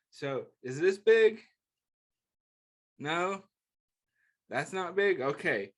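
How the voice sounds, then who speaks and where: A man hosting a children's story time, reading a picture book aloud with a gentle, encouraging, playful manner and asking the young listeners questions. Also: fairly high pitch, expressive. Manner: slow, clear, playful sing-song delivery.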